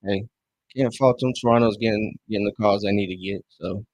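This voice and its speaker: A young man streaming a basketball watch-along, chatting casually in slang and breaking into loud yelling over referee calls. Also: lowish voice, a little fast, dry recording, poor audio. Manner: excitable fan commentary, bursts into loud yelling at calls; casual slang, calls listeners bro and dog. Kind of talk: live game watch-along commentary.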